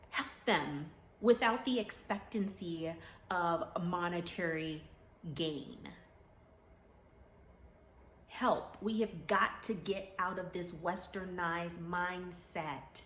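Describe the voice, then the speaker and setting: Brief: unhurried woman vlogger, preachy and earnest, recorded in a roomy space. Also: lowish voice, a bit bright, a little hiss or hum. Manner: earnest, preachy, repeats for emphasis. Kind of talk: motivational talk to camera. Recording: roomy echo.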